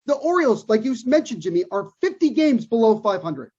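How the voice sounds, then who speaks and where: A man with a husky, breathy edge holds forth on a sports podcast, emphatic and opinionated. He hammers his points home by repeating them. The sound is muffled and lo-fi. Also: extremely high pitch, big pitch swings, a little fast, darkish tone. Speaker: podcast co-host. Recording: dull lo-fi recording.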